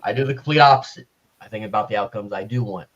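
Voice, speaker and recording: A man in a casual group chat, telling an animated story with many restarts. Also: on the low side, fast, dull audio. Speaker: group discussion participant.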